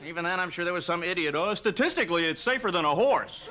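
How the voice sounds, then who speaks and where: A man with a high, light voice works through a stand-up routine on a TV studio stage. His delivery is dry and deadpan, and it jumps to shrill yelps whenever he acts out a scene. There is a steady hiss of noise under the studio audio. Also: fast. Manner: deadpan delivery with sudden shrill outbursts when acting out scenes. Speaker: stand-up comedian. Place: TV studio stage before a live audience.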